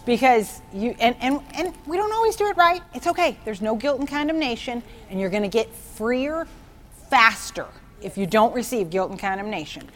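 A woman with a fairly high voice gives a chatty, excitable Bible teaching. She tells personal stories to make her points. She keeps checking in with her listeners with "okay?" and "right?". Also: normal speed, slight background noise.

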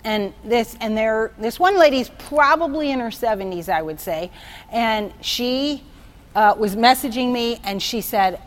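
A woman with a fairly high voice gives a chatty, excitable Bible teaching. She tells personal stories to make her points. She keeps checking in with her listeners with "okay?" and "right?". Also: measured pace.

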